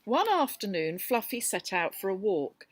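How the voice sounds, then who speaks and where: A woman reading a picture book aloud to children, gentle and expressive. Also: mid-range voice, moderate pace. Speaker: storyteller.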